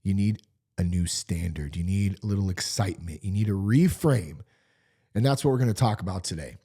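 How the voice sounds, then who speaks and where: A man in his forties hosting a podcast solo, talking in an animated, candid way and swearing freely. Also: low voice, fairly quick, breathy edge. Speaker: podcast host. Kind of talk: casual solo podcast talk.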